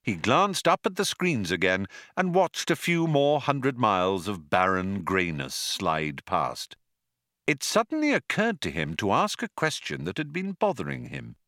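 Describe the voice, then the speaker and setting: Slow, wry man reading an audiobook. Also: on the low side, huge pitch swings, pushed and bright, dry recording, studio quality. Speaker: audiobook narrator. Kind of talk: audiobook narration.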